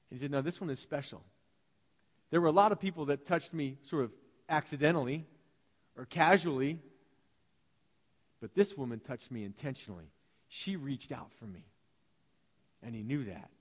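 A man preaching a sermon as pastor, in a lively, conversational way, acting out short voices as he tells the story. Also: mid-range voice, normal speed, pauses often, long reverb tail. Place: church sanctuary.

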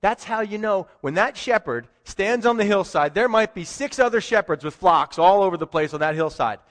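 A man's voice: high voice, lively intonation, moderate pace, in a large hall. A man preaching a sermon as pastor, emphatic and conversational, asking his listeners rhetorical questions.

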